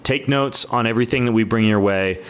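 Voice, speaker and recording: A man's voice: medium pitch, brisk, a bit bright, clean tone. A man hosting a podcast intro, upbeat and teasing his co-host. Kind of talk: casual podcast intro chat.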